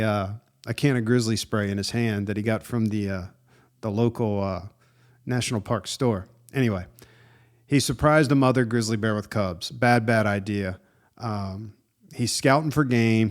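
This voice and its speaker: A relaxed male podcast host tells a story in a casual voice. His pitch sits in the middle of the male range. He talks in a loose, chatty way, dropping "dude" and "man" into his sentences. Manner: animated and conversational, with frequent "dude" and "man", laughs at himself.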